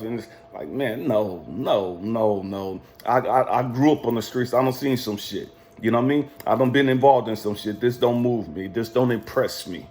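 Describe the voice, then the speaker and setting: A man's voice: mid-range voice, darkish tone, a little hiss or hum. A man from California telling a personal story in a casual, profane, defiant way, laughing often. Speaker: life coach vlogger.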